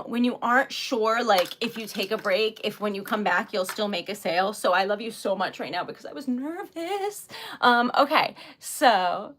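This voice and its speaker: Young woman, fairly high voice, casual livestream chatter, giggly, rambling, jet lagged. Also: fairly bright tone. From New England. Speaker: livestream host making wax stickers.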